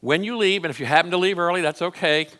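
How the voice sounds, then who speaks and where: A man's voice: high voice, fast, bright, forceful tone. Plain-spoken middle-aged man teaching a class. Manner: conversational, plain-spoken, with frequent restarts. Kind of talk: live lesson to a church audience. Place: church hall before a live audience.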